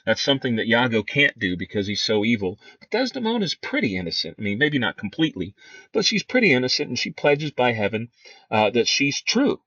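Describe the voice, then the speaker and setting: A man's voice: mid-range voice, big pitch swings, fairly quick, sharp tone, husky, no room sound, highs cut off. Man, lesson, conversational with fillers, dry close recording. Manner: conversational, many fillers and restarts. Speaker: teacher. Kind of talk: lecture on a play, reading quotes aloud.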